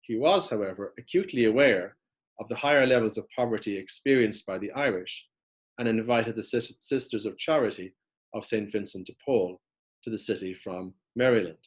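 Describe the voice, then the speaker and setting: A man giving a prepared lecture, reading steadily from notes as he walks through maps. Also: fairly low pitch. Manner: measured, reads from notes with map references.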